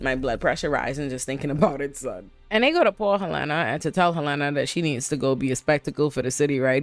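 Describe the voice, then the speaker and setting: A woman hosting a casual TV episode breakdown, animated and profane, laughing often and talking back at the characters. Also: a bass voice. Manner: sassy, talks back at characters. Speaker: TV recap host.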